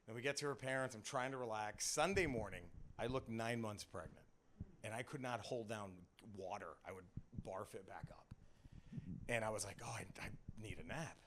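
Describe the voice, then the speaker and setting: A man's voice: fairly low pitch, normal speed, a bit bright, a little hiss or hum. A man, a stand-up comedian, telling his own story on a comedy club stage in a loose, conversational way full of "like" and "you know".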